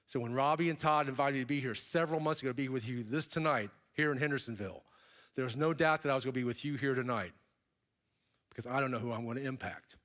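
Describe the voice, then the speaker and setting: A man's voice: mid-range voice, fast, fairly bright tone. A middle-aged man giving a storytelling keynote speech, acting out the voices of people in his stories. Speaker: keynote speaker.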